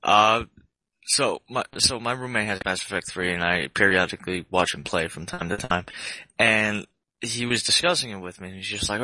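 A man's voice: fairly low pitch, normal speed, sharp tone, no room sound, poor audio. A man in casual gaming chat, hesitant with fillers and prone to ranting.

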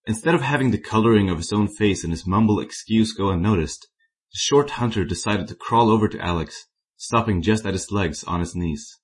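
Deep-voiced man reading a story aloud. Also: brisk, slightly rough. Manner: plain reading with slips and self-corrections. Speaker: story reader. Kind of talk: fan fiction reading.

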